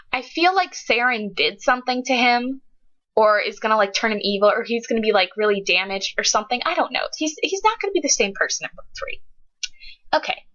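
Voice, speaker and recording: A young woman with a bright, fairly high voice gushes through a casual book review, swooping up and down as she gets emotional. The sound is dull and lo-fi, like a cheap webcam mic. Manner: gushing, emotional, says "like" a lot.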